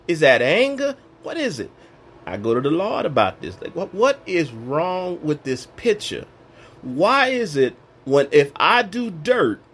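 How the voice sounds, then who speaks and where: A man's voice: high voice, a bit bright, breathy edge. A man giving an emotional personal faith testimony, questioning and acting out bits of dialogue, his voice a little strained. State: voice strained, recently lost.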